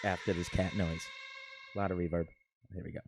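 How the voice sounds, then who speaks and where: A man's voice: deep voice, flat delivery, fast, creaky, over loud music. A man in his thirties from Milwaukee, casually reacting to his old video in a playful, boastful, rambling way. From Milwaukee, USA. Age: 30s.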